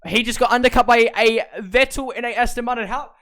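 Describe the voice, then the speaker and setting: A young man hosting a race review, reacting live and swearing often, with sudden shouted outbursts. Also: very high voice, a little fast. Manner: excitable, swears often, bursts into shouting at the broadcast. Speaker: host reviewing races.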